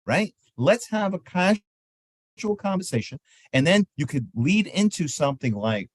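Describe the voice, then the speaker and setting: A man's voice: high voice, a little slow, husky, dry recording. A man giving a casual seminar talk on trade show manners, often acting out sample conversations with booth visitors. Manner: animated, acts out sample exchanges in lively voices.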